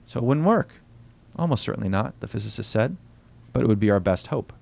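A man reading aloud from his own novel at a bookstore event, quiet and unhurried, voicing the dialogue softly. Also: fairly low pitch, expressive, gravelly.

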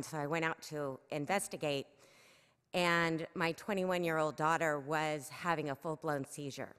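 A middle-aged woman stands at the podium microphone in an echoey city council chamber, pleading earnestly and urgently during public comment. Her voice is low-pitched, fairly bright and clean, and she speaks a little slowly.

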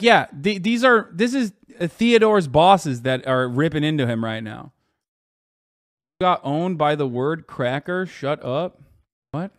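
A man hosting a live stream, giving excitable, profane reaction commentary. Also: a little high, moderate pace, no room sound, studio quality.

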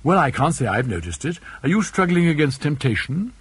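A man reading an audiobook and voicing an earnest, skeptical young male student who talks in a questioning, measured way with a husky voice. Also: fairly high pitch, sing-song, dry recording, full character voice.

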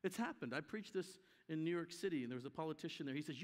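Guy preaching live, high voice, keeps doing the voices of people in the story, big echoey church hall. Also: expressive, quick pace. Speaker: guest preacher. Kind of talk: conference sermon. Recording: live hall with long reverb.

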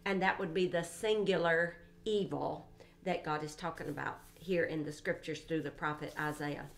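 A woman teaching a verse-by-verse Bible study in an emphatic way, repeating phrases for stress and breaking in with soft exclamations between readings. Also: low-pitched, fairly even intonation, normal speed, creaky.

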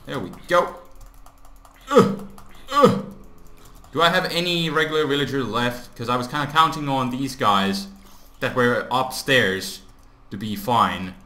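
A man's voice: mid-range voice, unhurried, long pauses. A man giving casual gameplay commentary, exclaiming often and talking to the creatures on screen. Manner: excitable, exclaims often, talks to game mobs. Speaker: gaming YouTuber. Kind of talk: casual Let's Play commentary. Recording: echoey room, faint background noise.

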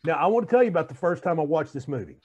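A man's voice: a little high, sing-song, racing, darkish tone. Chatty podcast man, dull lo-fi sound. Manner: chatty, rambling storyteller. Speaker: podcast co-host. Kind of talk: casual chat.

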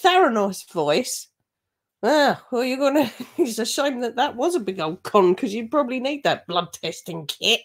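A woman's voice: on the high side, expressive, moderate pace. Blunt woman doing reaction commentary. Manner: scornful, blunt, chatty with laughs. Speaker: commentary channel host.

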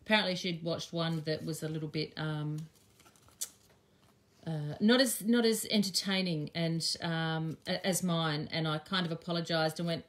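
Her voice sits low, with a steady tone and an unhurried pace. She's an Australian craft teacher and shop owner, running a live demo while chatting, thinking aloud and using plenty of ums.

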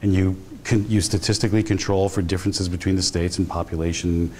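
A man with a somewhat low voice lectures a university class in an easy, storytelling way. He often trips and restarts mid-sentence. A faint background noise sits under his speech. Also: steady tone, fairly quick, warm tone. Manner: conversational storytelling with frequent restarts. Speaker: guest lecturer, criminology professor. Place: lecture hall.

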